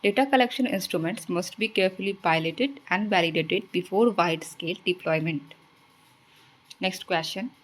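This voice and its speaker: A woman's voice: mid-range voice, poor audio. Woman reading exam quiz answers. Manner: reads out questions then explains answers, switching into Hindi asides. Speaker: exam prep teacher.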